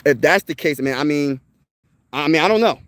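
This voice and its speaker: A man's voice: a little high, lively intonation, normal speed. A young man hosting casual sports talk, emphatic and rambling, tossing in "bro" and "man" as he makes his point to viewers. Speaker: sports channel host.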